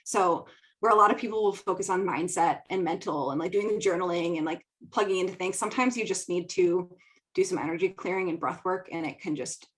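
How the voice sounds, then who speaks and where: A chatty young woman from the Midwest talks through her own solo podcast. Her voice sits a little low for a woman. She laughs easily and fills her sentences with "like". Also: a little fast. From American Midwest. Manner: chatty, laughs often, says "like" a lot. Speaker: podcast host and business coach. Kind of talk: casual solo talk.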